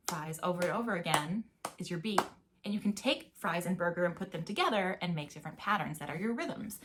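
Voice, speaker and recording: A woman's voice: on the low side, expressive, a little fast, very noisy. A young adult woman, a music teacher, giving a casual, chatty video lesson and chanting rhythm words now and then.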